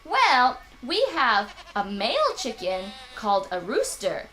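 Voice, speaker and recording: Woman teacher for little kids, slow patient talk, bright voice. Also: fairly high pitch, wildly swooping pitch. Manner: patient, clear and encouraging, with playful animal sounds. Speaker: children's English teacher. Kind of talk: children's ESL lesson.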